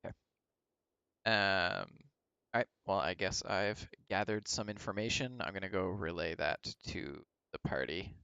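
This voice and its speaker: Low, smooth-voiced hesitant player. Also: male voice, a little slow, pushed and bright, no room sound, dull audio. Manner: hesitant, with many fillers. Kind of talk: casual tabletop play.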